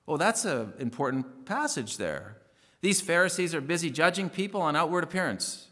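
A male pastor delivering a sermon in an earnest, emphatic way, slowing down to read scripture verses. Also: a little high, big pitch swings, fairly bright tone, long reverb tail. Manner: earnest preaching, rising emphatic stresses, slows to read verses. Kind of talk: radio sermon.

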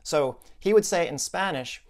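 A man with a somewhat raised pitch explains a client's case to viewers in an educational video. He talks in a loose, conversational way, thinking aloud with asides and restarts. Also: lively intonation, normal speed.

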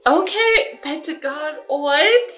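A young woman chatting casually and excitedly as she reacts to a music video, full of "like" and "yo". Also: high voice, takes it slowly. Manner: expressive, animated, lots of "like" and "yo". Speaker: K-pop reaction vlogger.

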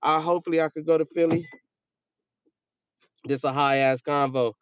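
A man's voice: a little high, steady tone, moderate pace, clear, resonant tone, dry recording, studio quality. Joking, profane male livestream host. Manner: loose, joking, profane, trails off into mumbling. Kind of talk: casual livestream chat reading viewer comments.

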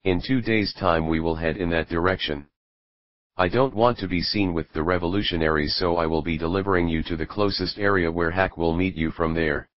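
A man's voice: low-pitched, steady tone, fairly quick, no echo, lo-fi sound, close to an everyday voice. A man reading the lines of a polite, formal fishman sailor in a storybook reading. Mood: calm.

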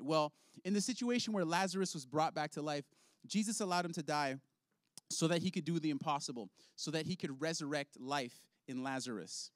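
A man's voice: on the high side, normal speed, a bit bright, no echo, clean studio sound. A man leading an object lesson for kids in a children's ministry, upbeat and playful, laughing often.

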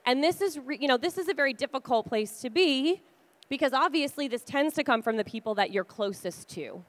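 A woman's voice: sits high, expressive, a little fast, no echo. A woman giving a conversational advice talk, chatty and acting out little quoted exchanges. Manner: chatty, acts out quoted dialogue.

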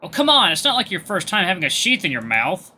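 A man's voice: high voice, huge pitch swings, quick pace, bright, forceful tone, husky, voice pushed up, full character voice. A man doing a cocky teasing possum. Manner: teasing, flirty banter.

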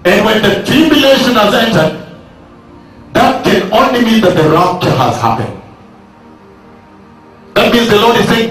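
A very high-pitched male preacher speaks slowly and deliberately, leaning hard on each phrase and breaking into shouts. His voice comes from some distance away and rings through a large, echoing hall. Faint music sits in the background. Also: lively intonation. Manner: slow, emphatic preaching that rises to shouts. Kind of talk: sermon.

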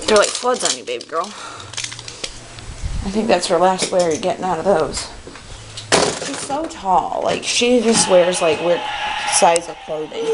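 A young woman, a stay-at-home mom, chatting casually and a bit out of breath while tidying her child's bedroom, rambling and sighing between thoughts. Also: fairly low pitch. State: out of breath, panting. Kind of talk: casual home vlog chat. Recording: noisy home-camera recording.

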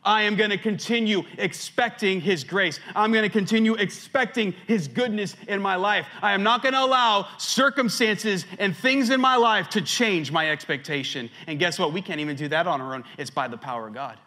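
Bright, high-voiced preaching man. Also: moderate pace, hardly any pauses. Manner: preaching with sweeping swings between loud and hushed. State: a little out of breath. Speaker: pastor. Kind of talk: sermon.

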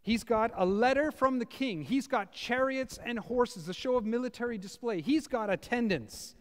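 A male pastor preaching a sermon to a small congregation in a church, with a dramatic delivery that swings from loud to hushed. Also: sits high, lively intonation, normal speed, hardly any pauses. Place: church, before about fifty people. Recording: reverberant church hall.

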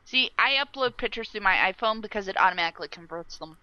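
A woman chats casually as a podcast co-host, swearing freely and rambling from thought to thought. Her voice is bright and forward, captured dry on a slightly dull, lo-fi mic. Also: medium pitch, lively intonation, fast talker, no echo. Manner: swears freely, laughs often. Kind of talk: casual chat.

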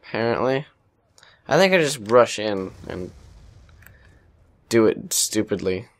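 A man's voice: on the low side, expressive, takes it slowly. A young man giving casual gameplay commentary over a headset, rambling, self-deprecating and swearing often. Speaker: gaming commentator.

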